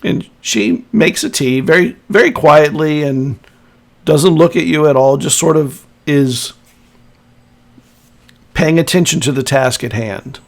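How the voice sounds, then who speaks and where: A man narrating as game master in a tabletop roleplaying game, unhurried and descriptive. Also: a little high. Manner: unhurried, descriptive, chuckles often.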